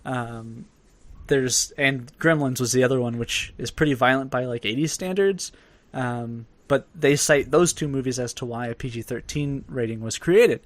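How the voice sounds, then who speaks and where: A man's voice: mid-range voice, moderate pace. A young man co-hosting a podcast in casual chat, rambling and laughing often as he talks. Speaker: podcast co-host.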